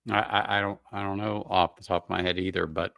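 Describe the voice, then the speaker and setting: A man hosting a live stream, chatting casually over a whiskey tasting on a video call, relaxed and stumbling into restarts. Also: deep voice, fairly quick, creaky, no room sound.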